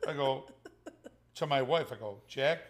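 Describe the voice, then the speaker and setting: A man's voice: on the high side, normal speed. Older man telling a rowdy family story. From Sicilian heritage. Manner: animated storyteller, swears freely, acts out quotes. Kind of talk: casual podcast chat.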